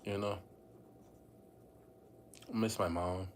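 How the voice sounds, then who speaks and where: A man's voice: deep voice, flat delivery, a little slow, pauses often, a little hiss or hum. A man casually talking to his viewers on a livestream, rambling and repeating phrases as he addresses them directly.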